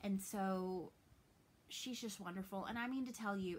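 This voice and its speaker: A woman in her thirties with a Southern American accent, chatting casually to camera in her cross stitch vlog from home, open and chatty, trailing off softly when sad. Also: medium pitch, fairly even intonation, moderate pace, slight background noise.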